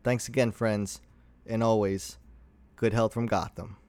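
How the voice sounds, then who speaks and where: A man's voice: on the low side, flat delivery, unhurried, darkish tone, no room sound. Man giving an upbeat podcast sign-off. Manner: upbeat scripted outro. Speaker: podcast host.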